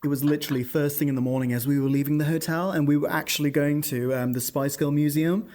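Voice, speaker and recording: A man's voice: on the high side, steady tone, quick pace, darkish tone. English male host in his 30s, campy chatterbox storyteller for a gossip chat. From England. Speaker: podcast host.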